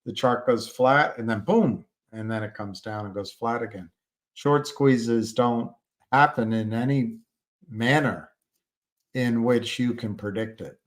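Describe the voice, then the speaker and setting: A man's voice: mid-range voice, unhurried. A man hosting a stock-market livestream, reading viewer comments, rambling and hesitant but emphatic and indignant. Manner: rambling, hesitant, with many fillers and restarts; emphatic and indignant about short sellers.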